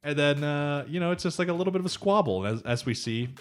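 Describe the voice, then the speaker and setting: A man's voice: on the high side, expressive, fast. A man co-hosting a podcast, casually retelling an anime episode and acting out the characters' lines, with plenty of swearing and laughter. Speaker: podcast co-host. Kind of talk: casual anime recap chat.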